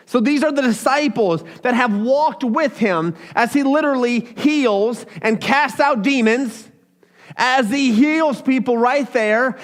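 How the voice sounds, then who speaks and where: A young man preaching a casual, animated sermon, acting out the quotes as he goes. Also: very high-pitched. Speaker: pastor.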